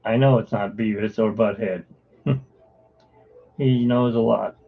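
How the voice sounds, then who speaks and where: A man's voice: lowish voice, steady tone, takes it slowly, creaky. A man chatting casually on a live art stream, rambling from one topic to the next. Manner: rambling, drifting between topics. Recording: tinny phone-like live-stream audio.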